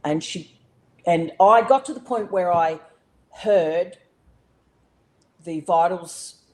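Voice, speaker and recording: An Australian woman, middle-aged, telling a personal story as a podcast guest, animated and blunt, swearing freely with many fillers and restarts. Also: on the low side, takes it slowly, low-quality recording. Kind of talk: casual conversational storytelling.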